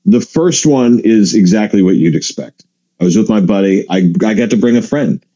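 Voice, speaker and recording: A male comedian with a low, mellow voice tells stories in a casual podcast chat. He acts out the people in his stories as he goes. The audio is dull and muffled. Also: normal speed. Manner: animated storyteller who acts out other people's lines.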